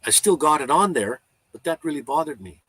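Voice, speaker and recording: Husky-voiced man rambling in a live chat. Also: fairly high pitch, animated, fairly quick, bright, forceful tone, no room sound, low-quality recording. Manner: rambling and heartfelt, with many restarts and stammers. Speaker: vlogger hosting a live chat. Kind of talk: casual live-stream chat.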